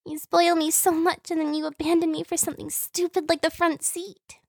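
A woman voicing a teasing, clingy adult younger sister in a whispered role-play, with playful breathy whispers and frequent giggles. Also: extremely high pitch, level tone, fairly quick, no room sound, studio quality.

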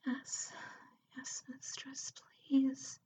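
A woman's voice: on the high side, very slow, warm tone, breathy edge, pitched above the performer's own voice, full character voice. A woman voicing a nervous, breathless young woman. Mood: pleading.

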